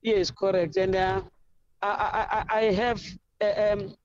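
A South African woman coach tells her stories in a rambling, effusive flow, circling back to names and details. Her voice sits at an ordinary middle pitch. The recording is dull and somewhat lo-fi. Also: little pitch movement, measured pace, darkish tone, no room sound. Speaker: football coach. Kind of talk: interview answers.

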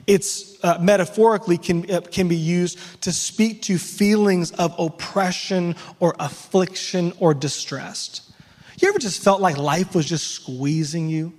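A male pastor with a high voice delivers an emphatic sermon, breaking into lively everyday asides. His voice rings out with a long reverb tail, as in a church sanctuary. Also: a little slow.

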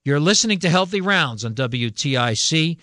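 A man's voice: a little high, expressive, normal speed, noisy background. A middle-aged man hosting a radio health show as a physician, talking casually with frequent fillers and restarts. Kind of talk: casual talk radio monologue. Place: radio studio. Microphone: studio radio mic.

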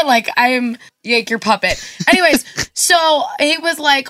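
Młoda kobieta, współprowadząca luźną rozmowę radiową, często się śmieje i opowiada historie. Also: female voice, sits high, fast, hardly any pauses, bright, forceful tone. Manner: giggly, storytelling. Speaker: co-host. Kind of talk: casual radio chat.

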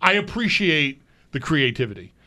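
Bright-voiced man, hesitant and stammering. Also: fairly high pitch, very animated, normal speed. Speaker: co-host. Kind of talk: casual fantasy football chat.

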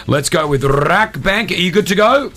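A man hosting a morning radio show, joking with co-hosts and running a quiz in a quick, upbeat way. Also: high-pitched, expressive, over music. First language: Arabic. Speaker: radio host.

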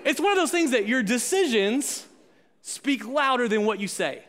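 A young man with a high, bright voice preaches a casual sermon to his congregation. He talks in an easy, conversational way, full of "like" and quick jokey asides, swinging between loud, punchy calls to the room and quieter reflection. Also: animated. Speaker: pastor. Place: church service with live audience.

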